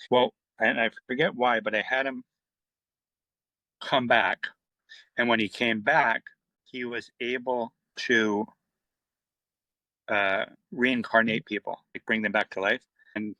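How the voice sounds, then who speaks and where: A middle-aged man with a fairly low, bright voice tells stories in a casual interview. He acts out the lines of the people he quotes and scatters "you know" and "like" throughout. The sound is dry and close. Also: moderate pace, no room sound, low-quality recording. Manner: animated, acts out quoted dialogue, many fillers. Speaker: comic book writer, guest.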